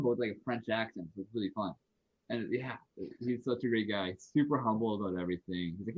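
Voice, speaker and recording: A man's voice: medium pitch, fast talker, breathy edge. A man on a casual podcast chat, talking in an easygoing, upbeat way. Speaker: guest general. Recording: dull lo-fi audio.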